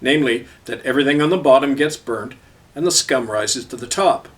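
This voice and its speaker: A man's voice: medium pitch, fairly quick, fairly bright tone, far from the mic. A middle-aged man reading his own column aloud with a sardonic, biting delivery.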